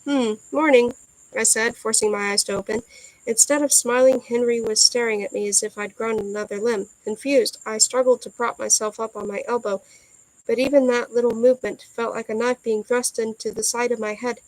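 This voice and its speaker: A woman reads a first-person novel aloud in a soft, earnest storytelling manner. Her voice sits a little high. The recording is dry and close, with no room echo. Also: steady tone, a little fast. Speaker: audiobook reader.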